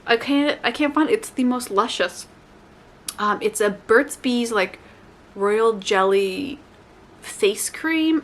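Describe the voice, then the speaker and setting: A woman vlogger talking casually to the camera, rambling and correcting herself, with lively, playful asides to her viewers. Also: mid-range voice, slight background noise. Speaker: lifestyle vlogger. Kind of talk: casual chatty advice to camera.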